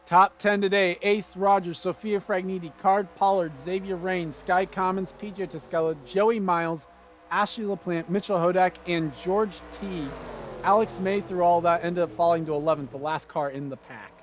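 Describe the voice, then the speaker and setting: High-voiced man calling a sim race. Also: normal speed, a little hiss or hum. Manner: excited, rises to high-pitched calls at big moments. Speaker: play-by-play commentator. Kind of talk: sim racing play-by-play commentary.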